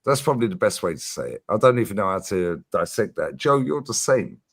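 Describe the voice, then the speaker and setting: A man's voice: fairly low pitch, brisk. Emphatic man hosting a stream. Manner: animated, emphatic, swears freely, repeats his points. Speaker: streamer host. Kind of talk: casual livestream chat.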